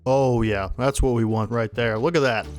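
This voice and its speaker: A young man giving live commentary over his football video game, excitable and trash-talking the computer players. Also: medium pitch, moderate pace, soft background music. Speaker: gaming YouTuber.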